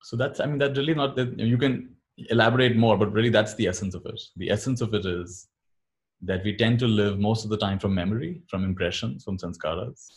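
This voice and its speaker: A man giving a calm spiritual teaching talk, often repeating phrases softly. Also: on the low side, a little fast.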